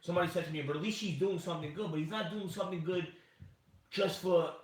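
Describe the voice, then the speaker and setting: A man's voice: high-pitched, fast, distant mic. A man co-hosting a casual chat, earnest and preachy, bringing in his faith. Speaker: podcast co-host. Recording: echoey room, off-mic.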